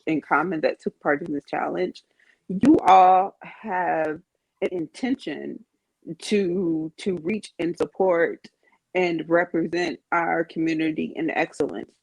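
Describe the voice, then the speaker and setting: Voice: mid-range voice, fairly even intonation, slow, vocal fry, no room sound, rough recording. A podcast host leading a casual group chat, encouraging the guests and putting questions to everyone.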